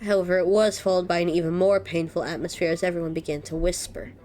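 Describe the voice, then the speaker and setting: A woman's voice: lowish voice, quick pace, a little hiss or hum. Young woman reading a visual novel aloud. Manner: expressive, reacts loudly. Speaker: let's-play streamer.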